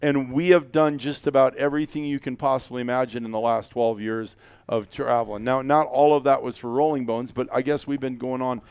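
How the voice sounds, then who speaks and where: A man's voice: mid-range voice, steady tone, a little fast, a little mellow, smooth, no echo. A middle-aged man hosting a casual podcast chat, rambling and joking with many fillers and restarts. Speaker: podcast host.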